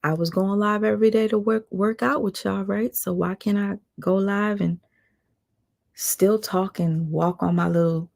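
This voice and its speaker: A woman with a mid-range, darkish voice and vocal fry hosts her own livestream, ranting bluntly and heatedly while swearing and reading viewer comments aloud. Her tone is steady and her pace measured, though her voice sounds strained.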